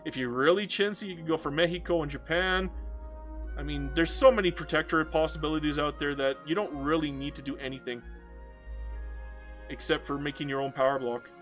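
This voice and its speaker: A man's voice: on the high side, fairly quick, a bit bright, faint music behind. A Canadian man with a Canadian accent giving casual, ranting commentary while playing a strategy game, swearing freely and repeating himself. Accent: Canadian English.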